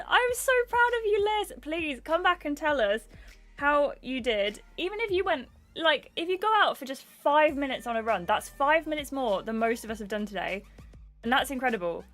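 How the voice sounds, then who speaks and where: A woman's voice: on the high side, a bit bright. A young adult woman livestreaming a game, chatting casually and greeting viewers by name. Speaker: gaming livestreamer.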